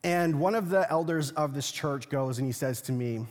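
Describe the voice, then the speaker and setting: Preaching man with a high voice, echoing hall. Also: moderate pace. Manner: swings from quiet storytelling to loud, insistent preaching. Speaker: pastor. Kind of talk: sermon. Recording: echoey hall with long reverb.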